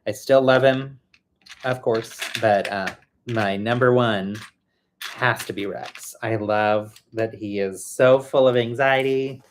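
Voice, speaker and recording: A man's voice: mid-range voice, fairly even intonation, slow, slight background noise. Chatty man thinking aloud mid-build. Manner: chatty and rambling, thinks out loud, answers viewers. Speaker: livestream host building toy sets. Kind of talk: casual live chat while building. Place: home.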